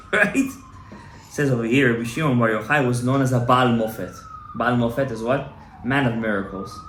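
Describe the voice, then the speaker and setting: A man giving a Torah class to a small audience, emphatic and exhorting, often rising to loud, fervent urging. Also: mid-range voice, moderate pace, long pauses. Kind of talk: animated Torah lecture to a live audience. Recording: echoey room, faint room noise.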